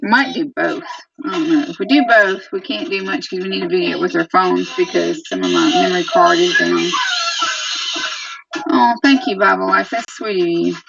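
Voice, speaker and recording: Gravelly Southern mom, distant mic. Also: female voice, lowish voice, moderate pace, highs cut off, over a noisy crowd. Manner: chatty, homey, talks to the kids between remarks. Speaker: homesteading channel host, mother. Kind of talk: casual live-stream chat.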